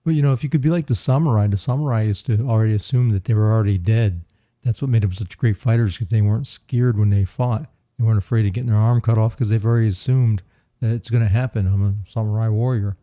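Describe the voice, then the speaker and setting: Mellow-voiced man in casual podcast chat. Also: on the low side, fast talker, no echo. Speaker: podcast co-host.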